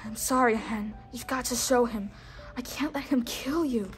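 A woman reading a frightened young boy's lines from a storybook, hushed and soothing. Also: high voice, expressive, brisk, faint music behind, voice pushed up. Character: frightened young boy, gentle and loyal.

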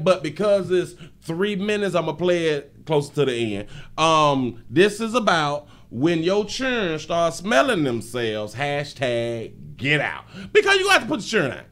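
A man hosting a live stream, reacting to a video in loud, laughing, animated street talk. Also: a little high. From Florida. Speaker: show host.

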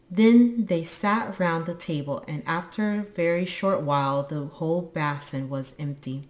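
A woman reading a children's storybook aloud in steady narration. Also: sits low, unhurried, few pauses. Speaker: book channel host.

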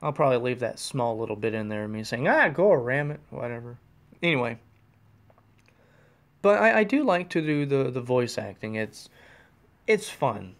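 A man's voice: mid-range voice, lively intonation, normal speed, creaky, long pauses. Male solo podcaster, loose self-interrupting delivery, voiced through a gaming headset at home. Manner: rambling, self-interrupting, chuckling. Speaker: podcast host. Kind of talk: casual solo podcast chat. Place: room at home. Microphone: USB gaming headset microphone.

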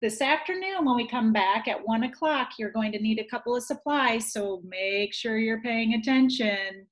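A woman's voice: a little high, normal speed, low-quality recording. A woman preschool teacher closing an online class and listing supplies for the afternoon.

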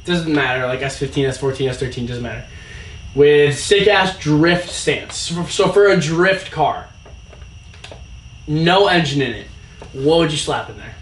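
A young man hosting a casual car podcast, talking excitedly and imitating turbo sounds. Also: fairly high pitch, unhurried. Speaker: podcast host. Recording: echoey room, mic far off, faint noise.

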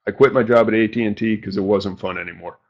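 A man's voice: fairly low pitch, steady tone, fast talker. A man from New England hosting a live-stream show, talking informally with mild slang and self-deprecating asides, at his home desk. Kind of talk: casual live-stream chat. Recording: dull lo-fi stream audio.

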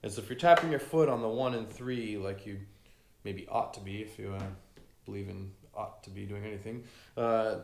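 A man teaching a casual fiddle lesson in a relaxed way, humming rhythms and using many fillers. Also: on the low side, normal speed, vocal fry, slight background noise. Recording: echoey room with fiddle playing.

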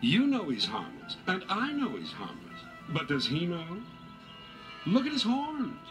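A man voicing a vain, boastful female diesel railcar in a high, huffy voice. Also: wildly swooping pitch, a little slow, over music, heavily acted. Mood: nervous.

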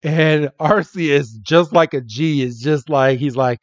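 A man's voice: on the high side, slow, dry recording, highs cut off. A man co-hosting a podcast, casually recapping an episode, laughing often and mimicking characters' lines. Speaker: podcast co-host.

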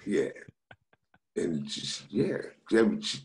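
A man's voice: deep voice, big pitch swings, drawn-out words, creaky. A middle-aged comedian telling stories casually, laughing as he acts out the people he quotes. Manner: laughing anecdotal storytelling with quoted voices. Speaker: comedian guest. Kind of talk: casual storytelling.

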